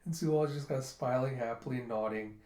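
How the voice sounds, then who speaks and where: A man's voice: mid-range voice, fast talker, a little mellow, echoey room. Casual man narrating a comic read-through. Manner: loose, chatty retelling with many "he's like". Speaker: manga reviewer. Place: home.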